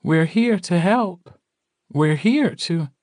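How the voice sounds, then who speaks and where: Shrill pleading witch woman, as a male narrator puts her on. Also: lively intonation, takes it slowly, darkish tone, dry recording, clean studio sound. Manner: urgent, pleading.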